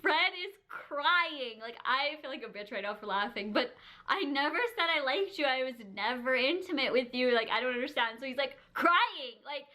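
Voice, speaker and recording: A woman vlogger casually telling a personal story to camera, chatty, full of "like" and quick giggles. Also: high-pitched, animated, bright, forceful tone. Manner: chatty, heavy use of "like", frequent giggles.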